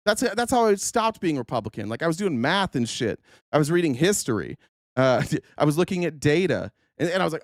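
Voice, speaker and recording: On a YouTube stream, a visibly furious man rants about politics, trading sarcastic, expletive-laced jabs with his chat in loose, casual commentary. His pitch runs on the high side, with a sing-song lilt and a slightly quick delivery. The audio is clean studio quality without echo.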